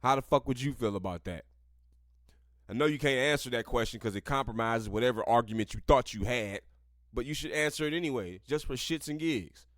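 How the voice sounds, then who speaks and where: A man's voice: mid-range voice, fairly quick, a bit bright, dry recording, studio quality. A man hosting a podcast, ranting crudely and combatively while reading and reacting to an article. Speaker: podcast host. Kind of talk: profane commentary on articles.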